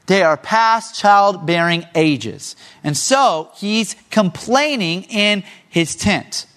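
A male pastor delivers a sermon in a conversational style. He keeps his listeners engaged with rhetorical questions. His voice sits high, and his pitch moves in lively swings. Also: slow.

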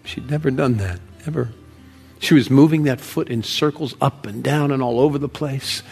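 An actor playing Josiah, a devoted ancient Hebrew father who earnestly recounts a miracle, shifting between loud wonder and hushed awe. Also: mid-range voice, moderate pace, creaky, breathy edge, faint music behind. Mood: earnest storytelling. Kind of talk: dramatic first-person monologue.

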